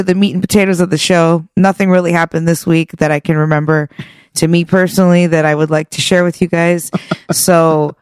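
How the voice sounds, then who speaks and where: A woman's voice: lowish voice, a little mellow, dry recording, studio quality. A woman co-hosting a podcast in a playful casual chat, laughing often. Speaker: podcast co-host.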